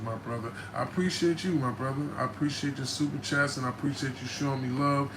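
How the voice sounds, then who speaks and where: A man chats casually with his viewers on a livestream. His talk is loose and emphatic, with a habit of repeating "you know what I'm saying." It jumps into loud, animated bursts, over a clear bed of background noise. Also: mid-range voice. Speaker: host answering viewer questions.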